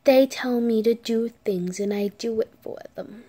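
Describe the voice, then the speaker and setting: A woman voicing an eerie six-year-old girl in a hushed, low voice that slips into whispers. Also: animated, slow.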